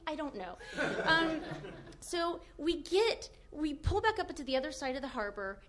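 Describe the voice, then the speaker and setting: Laughing, high-voiced woman telling a story. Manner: animated, laughing often, lots of "like" fillers. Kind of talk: casual personal storytelling.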